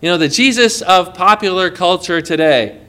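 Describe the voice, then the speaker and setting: A man preaching a sermon in an animated way, often putting questions to the congregation. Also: high voice, moderate pace. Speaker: pastor.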